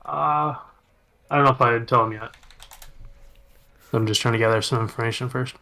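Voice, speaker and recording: A man's voice: mid-range voice, moderate pace, pushed and bright. A man playing in a tabletop game, answering in a matter-of-fact, laid-back way. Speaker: player. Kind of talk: casual tabletop play.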